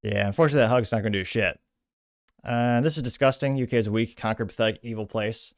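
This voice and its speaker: A man's voice: mid-range voice, quick pace, no echo, clean studio sound. A man from Texas, ranting through indignant political commentary as host.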